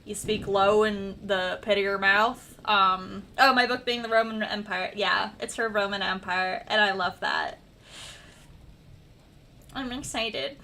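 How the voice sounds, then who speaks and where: Bright, chatty young Midwestern woman. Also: medium pitch, fairly even intonation, measured pace. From American Midwest. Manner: chatty and rambling, talks to her chat. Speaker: author livestreaming her editing. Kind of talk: casual livestream chat.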